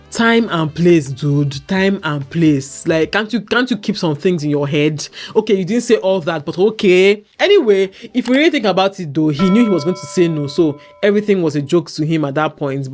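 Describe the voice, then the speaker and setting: A woman with a Nigerian accent, hosting a casual commentary show in an animated, opinionated way and often checking in with "okay?". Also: fairly low pitch, normal speed, faint music behind. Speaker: show host.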